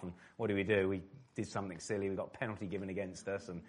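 Middle-aged man from England, lowish voice, animated storyteller, interview guest. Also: very fast, breathy edge. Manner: animated, vivid storyteller who laughs often. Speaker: former footballer and pastor, interview guest.

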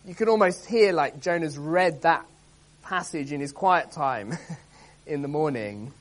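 A man preaching an expository sermon, earnest and emphatic, reading scripture aloud with dramatic stress and often pausing with um and uh. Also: on the high side. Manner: earnest, emphatic, many ums and uhs.

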